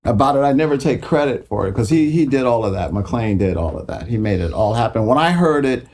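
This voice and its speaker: A guitarist in his sixties, appearing as an interview guest, tells casual, profane stories and acts out the voices of the people in them. He is animated and speaks briskly at a medium pitch.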